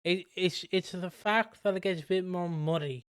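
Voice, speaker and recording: A man co-hosting a casual podcast, rambling through his points with lots of restarts and swearing. His voice sits a bit high and sounds smooth and clear. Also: moderate pace, no room sound, studio quality. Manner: rambling, animated, swears freely. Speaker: podcast co-host.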